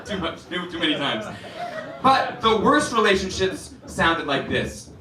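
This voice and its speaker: A young man doing a stand-up comedy set, telling animated stories with acted-out voices, from a club stage. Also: high-pitched, unhurried, noisy background. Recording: roomy club, distant mic, crowd laughter.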